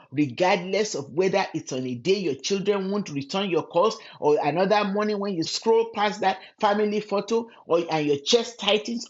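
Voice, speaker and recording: A woman giving a gentle, earnest devotional Bible teaching, speaking directly to the listener as a friend. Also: low voice, muffled recording. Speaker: Christian women's ministry teacher.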